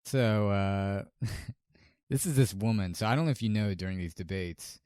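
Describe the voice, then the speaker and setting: A man's voice: lowish voice, a little slow, a little mellow, clean tone, no echo, clean studio sound. A young man co-hosting a podcast in casual chat, laid-back, swearing often and laughing. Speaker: podcast co-host.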